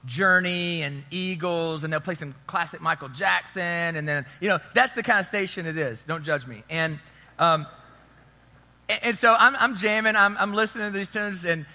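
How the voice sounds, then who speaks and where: Conversational pastor in an echoey hall. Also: male voice, high-pitched, normal speed, sharp tone. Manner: storytelling, conversational, asks the crowd for agreement. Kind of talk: sermon. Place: church hall. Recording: long hall reverb.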